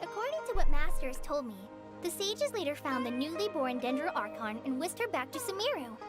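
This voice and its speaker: A woman voicing an earnest, slightly nervous young woman apprentice in a game, speaking gently. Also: sits high, very animated, fairly quick. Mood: explaining. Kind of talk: game voice acting. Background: game music.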